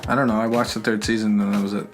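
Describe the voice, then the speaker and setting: A man's voice: on the low side, level tone, racing, faint music behind. An American man co-hosting a podcast in casual chat, laid-back and dry. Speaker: podcast co-host.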